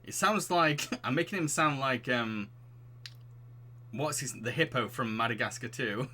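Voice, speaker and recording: A man's voice: mid-range voice, a little slow, long pauses, pushed and bright, slightly rough. A man from England streaming a dating game, giggling and reading the story aloud. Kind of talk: let's play commentary.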